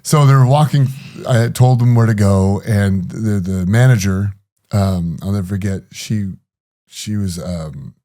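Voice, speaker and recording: A man's voice: fairly low pitch, unhurried, dark tone. A middle-aged man telling his story in an interview, hesitant, with many fillers and restarts. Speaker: guest.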